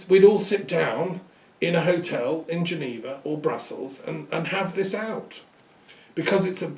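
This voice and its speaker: A man giving an informal lecture, telling a story in a conversational, rambling way with restarts and throat-clearing. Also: fairly high pitch, distant mic, a little hiss or hum. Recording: echoey room, speaker away from the mic.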